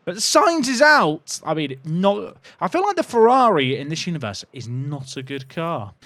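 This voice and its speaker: Excitable man streaming a racing game. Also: fairly high pitch, normal speed, dry recording. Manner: excitable, chatty, talks to chat. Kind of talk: live gameplay commentary. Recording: faint game music behind.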